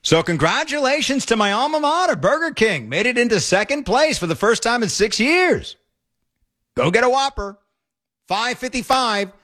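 A man's voice: very high voice, big pitch swings, normal speed, a bit bright. A middle-aged man hosting a talk radio show, rambling and sarcastic in an opinionated banter.

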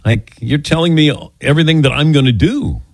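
A man's voice: a little high, a little fast, no room sound. A middle-aged man hosting a call-in radio show, joking and telling stories with his co-hosts. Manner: lively, joking, animated storytelling. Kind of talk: casual call-in radio chat. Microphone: studio microphone.

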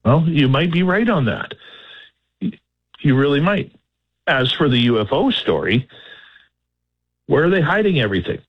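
A man's voice: a little high, very animated, measured pace, long pauses, slightly rough. A male podcast host talking in an earnest, emphatic way and posing questions. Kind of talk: casual conversation. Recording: slightly dull audio.

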